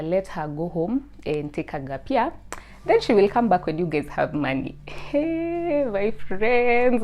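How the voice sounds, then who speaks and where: Woman, twenties, casual storytelling testimony, chatty, lowish pitch, faint background music. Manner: chatty, lots of "like", lively, rising to loud excited bursts. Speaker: student sharing her testimony.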